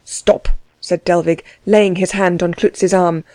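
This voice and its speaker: Mellow woman reading a novel. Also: fairly low pitch, little pitch movement, unhurried, no room sound. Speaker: audiobook narrator. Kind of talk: scripted narration of a novel.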